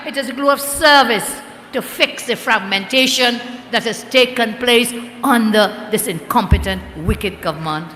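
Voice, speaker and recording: A woman's voice: a little high, normal speed, pushed and bright, a little hiss or hum. Rousing woman at a rally. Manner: rousing, rhetorical, chants slogans. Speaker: political party leader. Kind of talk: campaign rally speech. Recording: echoey hall with crowd ambience.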